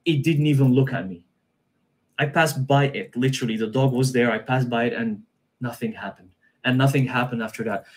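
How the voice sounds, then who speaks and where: A man's voice: medium pitch, a little fast. Earnest man telling a story. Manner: earnest, repeats phrases and restarts sentences. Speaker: guest. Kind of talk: casual storytelling on a live stream.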